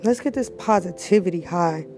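Heartfelt mellow-voiced woman podcast host. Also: on the low side, normal speed, soft background music. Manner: heartfelt, preacherly, repeats phrases. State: emotional, near tears. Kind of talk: emotional podcast monologue with prayer.

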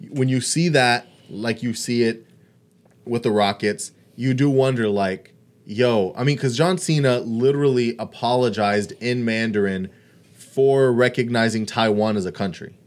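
A man's voice: medium pitch, a little slow. A man in casual podcast chat, rambling, with lots of restarts and "like". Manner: rambling, restarts, heavy use of "like".

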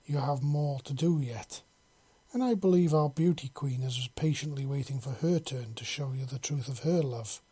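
A man's voice: medium pitch, normal speed, breathy edge, close to an everyday voice. A man voicing a tender alien huntress. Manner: soft purring tone.

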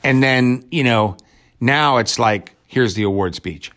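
A man's voice: medium pitch, unhurried, fairly bright tone. A man giving a rambling, casual movie review rant in a sarcastic, crude and irreverent way, with mocking asides.

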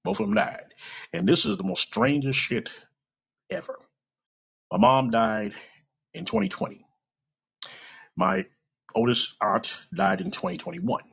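Gravelly, husky-voiced man telling stories. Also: high voice, sing-song, unhurried, pauses often, fairly bright tone. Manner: blunt, profane storytelling with laughs. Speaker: podcast host. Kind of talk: casual monologue. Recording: dull lo-fi recording.

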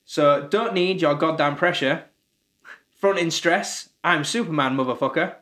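A man, co-hosting a casual music podcast, relaxed and joking as he asks questions. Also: on the high side, unhurried. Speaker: podcast co-host. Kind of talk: casual chat.

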